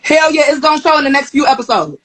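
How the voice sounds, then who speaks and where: A woman retelling a fight on a live stream, blunt and profane, quoting the back-and-forth with animated heat. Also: high voice, quick pace, rough recording. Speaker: reality show cast member interviewed on a live stream. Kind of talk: heated storytelling on a live stream.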